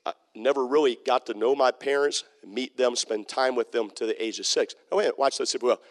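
A man's voice: medium pitch, fast talker. Emphatic male preacher in a reverberant hall. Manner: emphatic, repetitive preaching with frequent "Okay?" check-ins. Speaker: pastor. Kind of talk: sermon.

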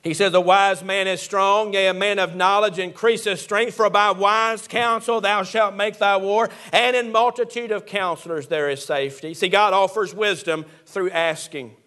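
A man preaching a sermon, reading scripture and rising to fervent shouts on key points. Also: high voice, steady tone, normal speed, few pauses.

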